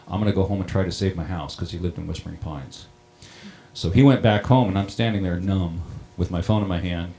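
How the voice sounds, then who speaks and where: A middle-aged man who runs a town water system recounts a personal story in a plain-spoken, halting way. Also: deep voice, vocal fry, dark tone, a little hiss or hum. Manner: plain-spoken, halting, many ums and restarts. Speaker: water district operator on a panel.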